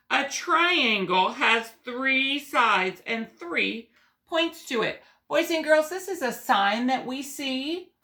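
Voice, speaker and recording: A woman teaching preschoolers, speaking slowly and gently with lots of encouragement. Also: fairly high pitch. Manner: slow, gentle and encouraging, sings call-and-response songs. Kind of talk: teaching young children on video.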